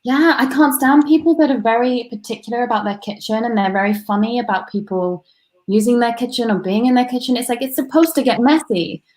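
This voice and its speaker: A woman's voice: fairly high pitch, brisk. A woman with a slight lisp, chatting casually as co-teacher in an online English lesson. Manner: chatty, relaxed, anecdotal.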